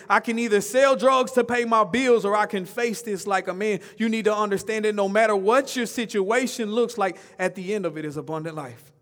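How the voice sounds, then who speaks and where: A man preaching a sermon in a casual, conversational way, calling out to the congregation for responses and swinging between loud emphatic lines and soft, low ones. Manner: call-and-response preaching, rising emphatic then dropping soft; informal, conversational speech.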